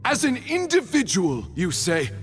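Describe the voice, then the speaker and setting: An actor playing a male juror who speaks for the crowd in a game court, insistent and smoothly persuasive. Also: high-pitched, huge pitch swings, a little slow, big-room sound, faint music behind, heavily acted.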